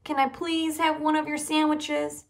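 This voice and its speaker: A woman's voice: medium pitch, lively intonation, measured pace, lightly acted. A woman voicing a teasing young schoolboy in a storybook reading. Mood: pleading. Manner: mocking, then gloomy and pleading.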